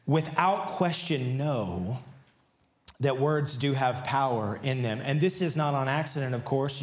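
A man preaching a sermon in a large church, chatting and joking with the congregation before reading from scripture. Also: medium pitch. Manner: conversational and playful, joking with the congregation. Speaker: pastor. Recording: echoey church hall.

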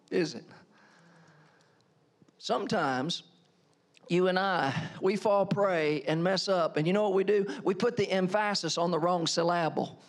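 A middle-aged man preaching a sermon as a pastor, emphatic and animated, full of rhetorical questions. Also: high voice, a little slow, long pauses.

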